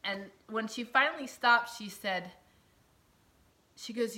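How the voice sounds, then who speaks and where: A woman earnestly telling a personal story, emotional and often dropping to a hushed near-whisper, with laughs between phrases. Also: on the high side, takes it slowly. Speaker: storyteller sharing her testimony.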